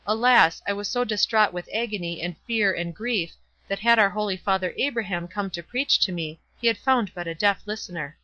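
A woman's voice: mid-range voice, moderate pace, hardly any pauses, sharp tone, highs cut off, close to an everyday voice. A woman reading the part of a terrified old man who pleads fearfully for mercy. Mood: pleading.

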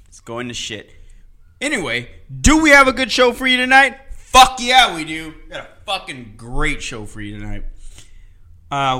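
Loud, sharp-voiced swearing podcast host. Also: male voice, medium pitch. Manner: profane, rambling and loud. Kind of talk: casual chat.

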